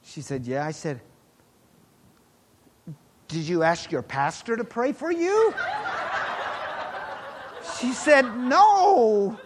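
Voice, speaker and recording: A middle-aged man preaching a sermon, telling a personal testimony with animated swings between loud exclamations and hushed asides. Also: extremely high pitch, extremely slow, pauses often, background noise.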